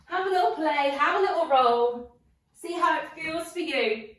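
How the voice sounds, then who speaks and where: With a high, expressive voice at a moderate pace, a woman guides a yoga class, coaxing students with questions and a playful, encouraging tone. She is heard from a distance in a heavily echoing room.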